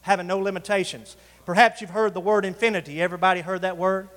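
A pastor with a high, fairly bright voice and fairly even intonation preaches a sermon to his congregation. He calls out for responses and draws out key words for emphasis. The recording is from a church sanctuary, with the reverb of a large hall.

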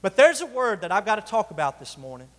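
With a high, sing-song, fairly bright voice, a pastor preaches his sermon in the church sanctuary. He calls on the congregation to respond and stretches key words for emphasis, all captured in a reverberant hall.

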